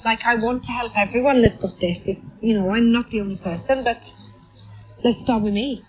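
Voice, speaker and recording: A woman with a Welsh accent talks openly in a radio news interview, her voice thick with a heavy cold. She sits a little high in pitch. The sound comes through a muffled shortwave radio broadcast. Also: a little fast, faint music behind. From England.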